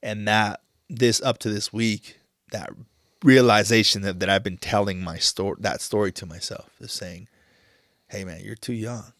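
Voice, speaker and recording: Thirties guy, gravelly low voice, choked up, keeps restarting, dry close sound. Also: steady tone, fairly bright tone, no room sound. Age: 30s. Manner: emotional, halting, many restarts. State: tearful. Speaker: podcast host. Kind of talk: casual chat.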